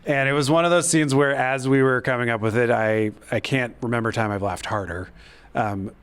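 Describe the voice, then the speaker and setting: Smooth-voiced man in a jokey interview. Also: medium pitch, a bit bright. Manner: laughs often, jokey and quick. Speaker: show co-creator and voice actor. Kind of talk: casual interview chat. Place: studio at a convention.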